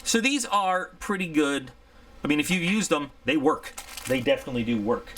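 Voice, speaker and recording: A man's voice: a little high, sing-song, normal speed, fairly bright tone, a little hiss or hum. A man giving a casual, rambling unboxing review, chatty and candid. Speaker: product reviewer.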